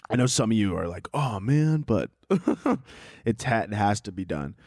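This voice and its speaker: A man's voice: fairly low pitch, lively intonation, moderate pace, darkish tone, no echo, studio quality. A young man hosting a podcast, with a rambling, profane comic monologue, often laughing at his own jokes. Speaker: podcast host. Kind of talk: casual comedic monologue.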